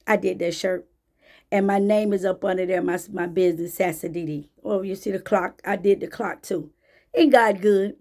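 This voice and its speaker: A woman giving a faith-based motivational talk to camera, emphatic and preachy, repeating phrases for emphasis. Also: mid-range voice. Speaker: motivational speaker.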